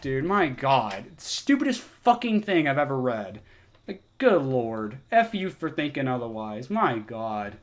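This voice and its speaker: A man's voice: medium pitch, very animated, unhurried. A young man ranting in a comment reaction vlog, exasperated and sarcastic, swearing a lot. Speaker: video essayist.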